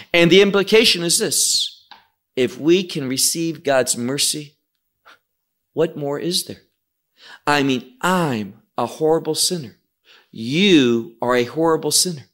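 Man, Bible teacher, slow pace, somewhat high voice, explanatory, Hebrew terms. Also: a bit bright. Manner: unhurried, explanatory, asks and answers his own questions.

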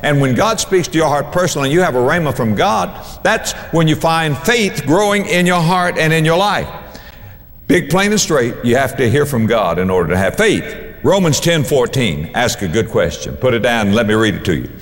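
A man's voice: mid-range voice, animated, normal speed, long reverb tail. A male pastor preaching a sermon, emphatic, repeating key phrases to drive them home.

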